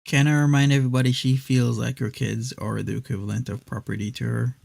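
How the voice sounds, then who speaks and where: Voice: medium pitch, little pitch movement, fairly quick, vocal fry, darkish tone, no echo. A channel host from Canada giving sarcastic reaction commentary with dry, mocking asides. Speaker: channel host reviewing a video.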